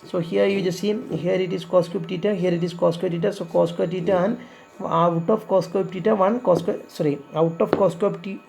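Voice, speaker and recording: A man's voice: high-pitched, vocal fry, a little mellow. A man teaching a recorded math lesson, explaining patiently step by step, repeating himself and pleading with students to practise.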